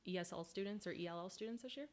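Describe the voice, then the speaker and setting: A young woman with a slightly low voice chats casually on a podcast. She tells stories in a loose, rambling way and breaks into laughter often. She speaks as a high school English teacher talking shop. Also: very fast. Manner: chatty storyteller, laughs often.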